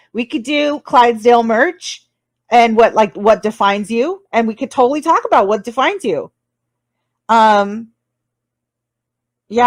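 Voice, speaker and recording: A woman hosts a laid-back livestream in a slightly high voice with no echo, rambling along and laughing a lot between apologetic asides.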